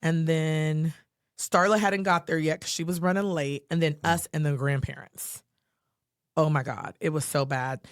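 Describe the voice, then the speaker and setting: A podcast co-host telling a personal story in a lively way, acting out the quoted lines. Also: medium pitch, normal speed, no echo, studio quality. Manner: animated storyteller who acts out quotes, with many fillers.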